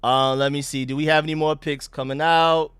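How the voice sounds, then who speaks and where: A man's voice: on the high side, flat delivery, a little fast, a bit bright, smooth, dry recording, clean studio sound. A young American man hosting a live sports stream, chatting loosely with slang and rambling restarts. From United States. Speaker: sports livestream host. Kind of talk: casual live-stream chat reading viewer comments.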